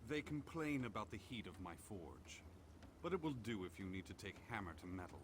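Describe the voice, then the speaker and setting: A man's voice: lowish voice, sing-song, brisk, a little hiss or hum. An actor voicing a complaining man who works a forge, in game character dialogue. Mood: grumbling. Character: grumbling man smith at a forge.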